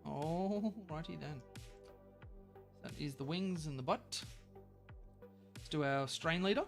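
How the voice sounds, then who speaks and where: An Australian man with a high-set voice, rambling casually on a stream as he paints miniatures. He is loose and profane and drifts into bits of silly wordplay. Soft music plays quietly behind him. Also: takes it slowly, vocal fry. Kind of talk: casual live-stream chat.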